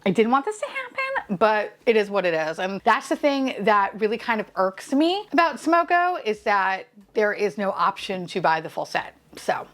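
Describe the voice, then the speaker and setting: A woman's voice: medium pitch, very animated, moderate pace, few pauses. A young woman chatting casually as she unboxes blind-box figures, swearing freely, gushing over them and laughing often. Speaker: vlogger unboxing blind boxes.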